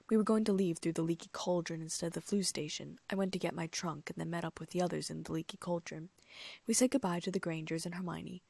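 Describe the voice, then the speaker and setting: A woman reading a first-person audiobook story in a steady way, with the odd slip and restart. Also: on the low side, creaky, dry recording. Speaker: audiobook narrator.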